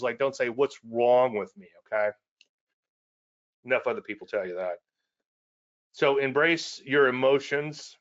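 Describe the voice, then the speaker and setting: A man's voice: mid-range voice, fairly bright tone, lo-fi sound. A man hosting a market show, teaching casually in a rambling, conversational way with self-deprecating asides and repeated points. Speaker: trading educator and show host.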